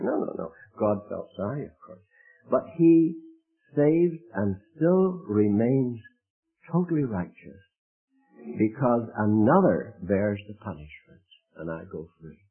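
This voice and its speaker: A man preaching a sermon, emphatic and rising to loud, high exclamations. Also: expressive, a little slow, breathy edge. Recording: tinny phone-like radio broadcast.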